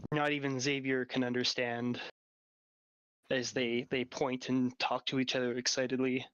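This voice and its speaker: A man's voice: medium pitch, little pitch movement, normal speed, fairly bright tone, smooth, no room sound, lo-fi sound. A man with a sore throat narrating a tabletop game as dungeon master, talking casually with many fillers. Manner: casual, many fillers and restarts while describing scenes. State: getting over a cold, sore throat.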